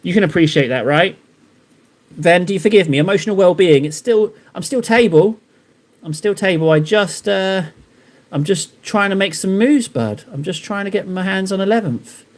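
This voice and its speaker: Male streamer, fairly high voice, rambling and joking with chat as he paints. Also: normal speed. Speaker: live streamer painting miniatures. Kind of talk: casual live-stream chat while painting.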